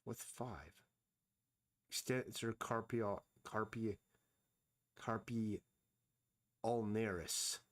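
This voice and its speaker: A man's voice: on the low side, drawn-out words, long pauses. A man streaming himself as he draws, talking casually and thinking aloud, often mumbling to himself. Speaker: comic artist streaming his drawing. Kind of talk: casual live-stream narration while drawing.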